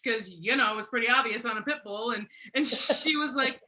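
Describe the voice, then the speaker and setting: A bright, crisp-toned woman in her forties hosts a relaxed live chat. She talks in a somewhat high voice, chatty and animated, and laughs often as she acts out little quotes. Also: quick pace. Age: 40s. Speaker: host. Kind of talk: casual livestream chat.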